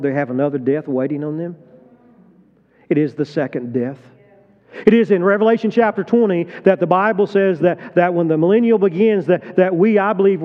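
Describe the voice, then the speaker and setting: Impassioned preacher man in reverberant hall. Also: high-pitched. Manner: impassioned preaching, swings from hushed to loud. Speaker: pastor. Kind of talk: sermon. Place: large church hall. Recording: dull sound, long hall reverb.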